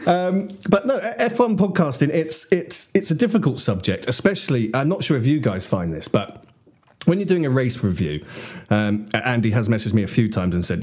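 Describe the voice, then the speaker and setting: A talkative man hosts a podcast, his pitch rising and falling freely as he chats. He laughs easily and stumbles over the odd restart. His voice sits in an ordinary middle register. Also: expressive, normal speed, darkish tone, husky. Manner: chatty, laughs often, with filler restarts. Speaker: podcast host. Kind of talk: casual chat.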